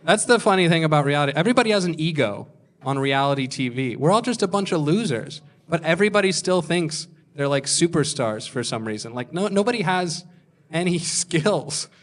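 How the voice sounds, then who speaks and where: A young man tells stand-up stories about himself from a comedy club stage. He mocks himself and jumps into other people's lines with quick put-on voices. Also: fairly high pitch, expressive. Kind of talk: stand-up storytelling.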